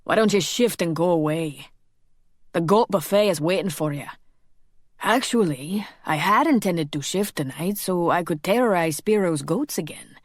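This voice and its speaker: A woman voicing a brooding, quick-tempered male Scottish vampire, with curt, clipped retorts in a low voice. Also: animated, dry recording, studio quality.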